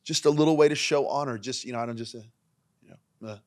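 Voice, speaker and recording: A man, a pastor hosting a leadership podcast, teaching in a sermon style, driving points home with repetition and dropping into quieter asides. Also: medium pitch, fast talker. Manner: emphatic and repetitive, swinging between punchy lines and quiet asides.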